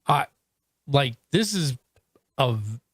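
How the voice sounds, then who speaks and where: A man's voice: medium pitch, big pitch swings, husky, no echo. A man hosting a podcast, chatting casually and reviewing shows, with frequent restarts and fillers. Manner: halting, full of restarts and fillers. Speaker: podcast host.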